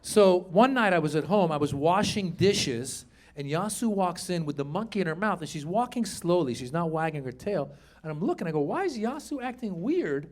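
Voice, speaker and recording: A middle-aged man from Iran doing an animated stand-up set on a club stage, acting out shouted quotes as he tells stories. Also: fairly high pitch, a little fast. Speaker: stand-up comedian. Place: comedy club stage with live audience.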